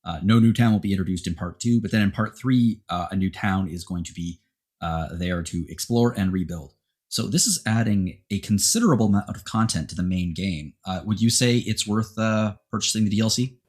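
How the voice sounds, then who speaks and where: A man with a husky, low voice hosts a casual podcast chat. He keeps things relaxed, feeding questions to his co-host. His delivery stays easygoing. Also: fairly quick.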